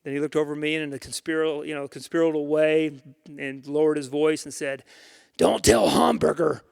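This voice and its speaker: A man's voice: on the high side, fast, clean tone. A man giving a storytelling lecture as a guest speaker, animatedly acting out the dialogue of the people in his stories. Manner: animated, acts out quoted dialogue. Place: synagogue hall. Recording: hall reverb.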